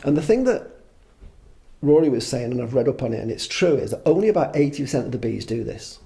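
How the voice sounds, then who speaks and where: Gravelly, mellow-voiced man in his fifties. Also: medium pitch, very animated, quick pace. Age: 50s. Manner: rambling, swears freely, self-deprecating. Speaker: podcast guest. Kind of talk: casual conversation.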